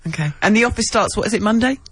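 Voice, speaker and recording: A woman co-presenting a radio show, chipping in with quick, chirpy remarks in a casual chat. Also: medium pitch, expressive, husky.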